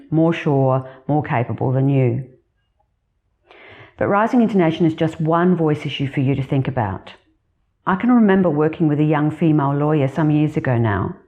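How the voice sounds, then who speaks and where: An Australian woman speaking in a low, mellow voice as a career specialist. She gives her advice in a measured, instructive way, and the recording sounds a little dull and lo-fi. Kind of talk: scripted advice to camera.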